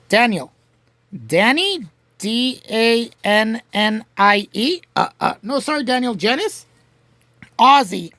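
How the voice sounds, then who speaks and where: A woman runs a home-made crossword game show, her voice a little high and her delivery slow and deliberate. She reads each clue and spells the answers letter by letter. She stumbles and restarts her sentences often. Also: fairly bright tone, dry recording. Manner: halting, with frequent restarts.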